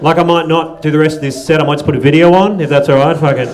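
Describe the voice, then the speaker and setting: Racing along in a fairly high voice with a steady tone, the Australian host works the comedy club crowd, swearing freely, ribbing audience members and laughing often.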